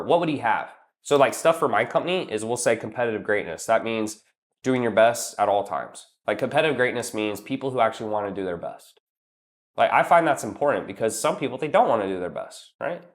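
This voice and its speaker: Speaking in a mid-range voice, a male business coach hands out casual advice bluntly and emphatically. He swears freely, calls the listener "bro," and works through numbered steps.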